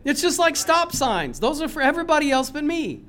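A man preaching a sermon in a church, impassioned, swinging from loud emphasis to low earnest tones. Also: very animated, a little fast. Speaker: pastor.

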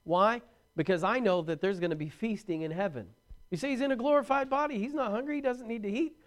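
A man preaching a sermon, animated and emphatic, with touches of humor and repeated words for stress. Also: high-pitched, fast.

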